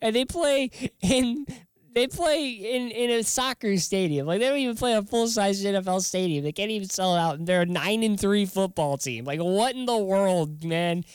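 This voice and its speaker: A man hosting a casual sports talk show, rambling and animated, often chuckling as he talks. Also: high voice, moderate pace, clean tone, no room sound.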